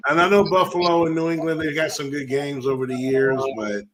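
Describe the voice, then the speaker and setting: A man's voice: fairly high pitch, steady tone, brisk, a crowd in the background, poor audio. A man co-hosting a casual sports talk show, laid-back and chuckling as he argues his picks.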